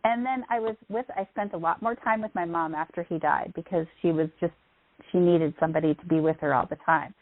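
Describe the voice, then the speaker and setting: A woman's voice: on the low side, brisk, dry recording. A middle-aged woman telling a long personal story in casual chat, rambling and quoting others as she goes. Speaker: podcast guest. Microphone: phone line. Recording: tinny phone line.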